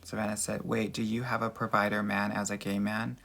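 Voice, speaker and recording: A man's voice: fairly low pitch, little pitch movement, a little fast, vocal fry, fairly bright tone. A man working as a dating coach, answering viewer comments in a chatty livestream Q&A with a Valley Girl voice and mannerisms, calling everyone girl and honey.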